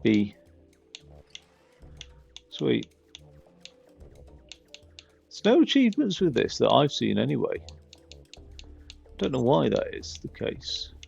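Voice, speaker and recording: A man's voice: medium pitch, wildly swooping pitch, takes it slowly, gravelly, pauses often, a little mellow, breathy edge, faint music behind. A man giving casual, rambling gameplay commentary with chatty, self-mocking asides on a slightly dull, lo-fi mic. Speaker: gaming channel host.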